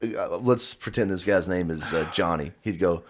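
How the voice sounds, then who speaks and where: A man's voice: low-pitched, moderate pace, slight background noise. A man on a podcast telling stories in casual chat, acting out the voices of the people in them and laughing often. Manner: animated storyteller, acts out quoted voices, laughs often. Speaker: podcast host.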